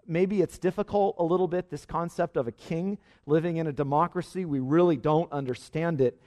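A man's voice: fairly high pitch, a little fast, darkish tone. A man preaching a sermon at a church service, earnest and building his points with rhetorical questions and repeated phrases. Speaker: pastor.

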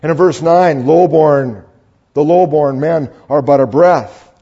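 Male pastor, measured sermon delivery, husky mellow timbre, dull lo-fi recording. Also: fairly high pitch. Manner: earnest, measured preaching with emphatic stresses.

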